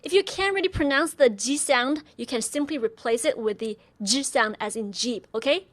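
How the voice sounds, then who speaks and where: A woman teaching pinyin pronunciation, demonstrating each sound slowly and repeating syllables for learners. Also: high voice. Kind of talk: slow instructional pronunciation lesson.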